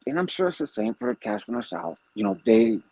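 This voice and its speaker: A man tells a story in a husky, gravelly voice. His pitch rises and falls in a lively way as he talks. The tone is loose, streetwise and full of cursing. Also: fairly quick, dry recording, low-quality recording. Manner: animated, profane, streetwise slang. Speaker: guest telling a story. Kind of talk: casual storytelling.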